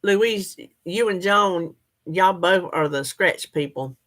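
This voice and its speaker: A woman's voice: fairly low pitch, slow, fairly bright tone. Lady chatting on her livestream, folksy, laughs a lot, answers comments. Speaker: livestream host. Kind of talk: casual live chat reading comments.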